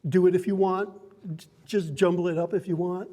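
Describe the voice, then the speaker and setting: A man with a high-pitched yet warm, mellow voice runs a tabletop game session as game master. He explains the rules to his players in an upbeat, chatty way and often laughs as he talks. It was recorded in a card and game shop. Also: fairly even intonation, fairly quick, long reverb tail.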